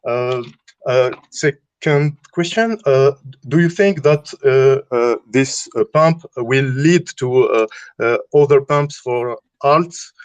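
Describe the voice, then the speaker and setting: A man with a French accent calling in, asking questions haltingly and politely with many fillers. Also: medium pitch, smooth. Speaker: caller. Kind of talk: casual call-in question.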